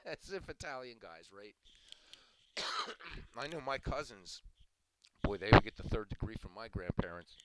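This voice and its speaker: A man's voice: lowish voice, sing-song, moderate pace, long pauses, clear, resonant tone, no room sound, rough recording. A man hosting a stream, chatting casually in a rambling way, often chuckling and repeating himself. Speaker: stream host. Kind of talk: casual chat. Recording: loud background noise.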